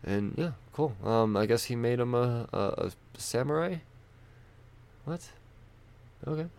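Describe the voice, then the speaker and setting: A man's voice: medium pitch, animated, measured pace, a little mellow. A man chatting casually about new releases, rambling and loosely profane, thinking aloud as he goes. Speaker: comic book vlogger. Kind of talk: casual chat.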